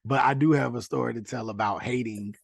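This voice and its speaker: A man co-hosting a casual podcast, talking playfully and halting with many restarts. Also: mid-range voice, creaky, no echo. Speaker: podcast co-host.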